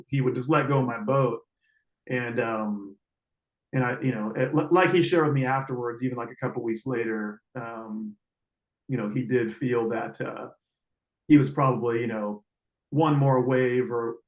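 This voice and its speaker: Halting man telling a rescue story. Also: medium pitch, reverberant, dull audio. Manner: halting, many fillers and restarts. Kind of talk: casual storytelling.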